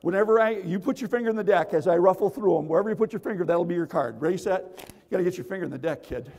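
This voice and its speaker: A man's voice: high-pitched, very fast, a little mellow. A man running a seminar on stage, playful and teasing, calling out to the audience and using volunteers for magic tricks. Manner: playful, teasing, call-and-response with the crowd. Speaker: motivational speaker and magician. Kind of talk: energetic seminar talk with audience participation. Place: large hall with audience. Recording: echoey hall reverb.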